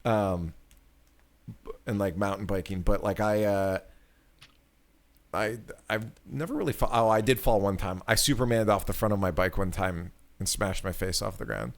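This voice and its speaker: A podcast host with a lowish voice chats casually at normal speed, his speech full of fillers and restarts.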